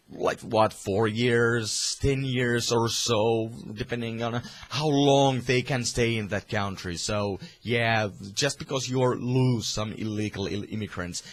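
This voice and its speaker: A man's voice: mid-range voice, fairly bright tone. A man from Finland with a Finnish accent, delivering a heated, profane political rant to camera with many restarts. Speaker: vlogger.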